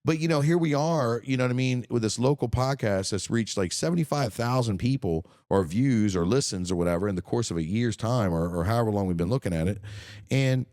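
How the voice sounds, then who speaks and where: A man's voice: medium pitch, animated, fairly quick, darkish tone, dry recording, clean studio sound. A man hosting a casual podcast, talking in an emphatic, profane, ranting way. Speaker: podcast host.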